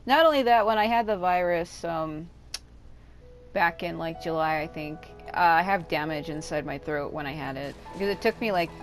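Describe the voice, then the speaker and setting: A woman with a raspy voice chatting casually and swearing often while commenting on her gameplay, rambling off into asides. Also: fairly low pitch. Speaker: gaming YouTuber. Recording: game music behind the voice.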